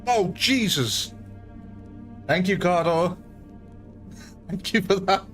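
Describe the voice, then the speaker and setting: A man's voice: high voice, animated, takes it slowly, a bit bright, faint music behind. A young man with a northern English accent, chatting on a live stream, answering viewers by name and laughing often. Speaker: game streamer. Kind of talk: live-stream chat and commentary.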